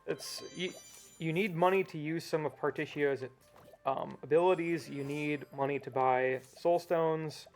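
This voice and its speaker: A man's voice: on the high side, fairly even intonation, a little slow, faint music behind. A man giving casual speedrun commentary, explaining mechanics with hesitant fillers.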